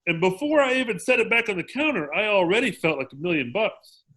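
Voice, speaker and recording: A man guest telling his recovery story in a casual interview, animated and acting out quotes, often restarting his sentences. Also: high voice, fast. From lived in Mexico for ten years. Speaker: podcast guest, sober living director.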